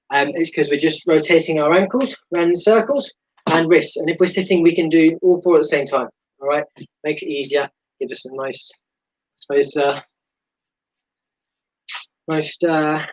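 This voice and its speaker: A man's voice: fairly high pitch, rough recording. A man leading a live-streamed seated and standing exercise class from his home, giving encouraging step-by-step cues with chatty, self-deprecating asides. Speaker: fitness instructor.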